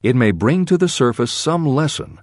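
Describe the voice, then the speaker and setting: In clean studio audio free of room sound, a male narrator at medium pitch reads a self-help audiobook from a script, telling it in a measured, expressive way.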